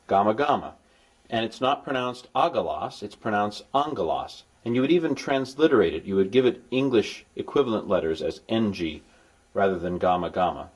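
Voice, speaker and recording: This Greek tutor has a husky voice that sits on the low side. While recording a lesson, he walks his students through the material with patience, tossing in jokey asides along the way.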